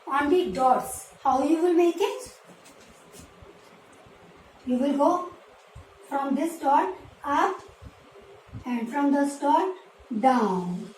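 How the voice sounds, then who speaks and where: A woman with an Indian English accent teaching nursery children, repeating letters and words slowly and clearly so they can copy her. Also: high-pitched, a little mellow, far from the mic. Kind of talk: slow, patient classroom teaching to small children. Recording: roomy echo, voice from away from the mic, faint background noise.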